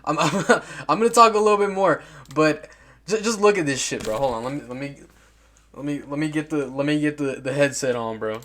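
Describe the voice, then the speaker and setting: A man with a slightly higher voice talks over football clips in a loose, rambling way. He swears freely, laughs at what he sees, and keeps restarting his sentences with fillers. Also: brisk, a bit bright. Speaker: football commentary vlogger.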